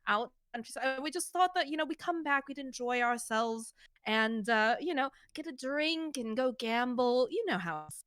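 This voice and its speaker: A woman's voice: sits high, expressive, normal speed, fairly bright tone, clear, resonant tone, no room sound, clean studio sound. A woman voicing a posh, fancy female merchant with airy manners.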